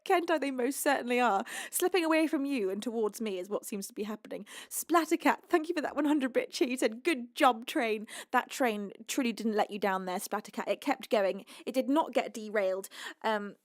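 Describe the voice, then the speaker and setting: A woman's voice: on the high side, a little fast, no echo, studio quality. A woman from the UK hosting a live music stream, reading out and gushing over viewers' gifts with giggles. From United Kingdom. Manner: bubbly, giggly, gushing with thanks. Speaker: livestream music host. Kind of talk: thanking viewers on a livestream.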